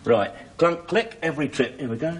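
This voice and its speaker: Lightly acting, a comic actor plays a cheeky middle-aged burglar bluffing as a doctor in a TV sketch, chatty and heavy on tag questions. His male voice is a little high and animated at a normal speed, captured on a noisy old TV recording.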